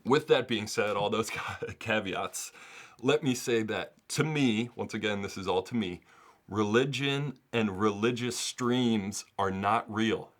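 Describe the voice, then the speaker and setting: Man, sports channel host, low-ish voice, chatty solo commentary with frequent chuckles. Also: measured pace, fairly bright tone. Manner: chatty and earnest, laughs often mid-sentence. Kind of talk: casual solo commentary to camera. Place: home setup in the US.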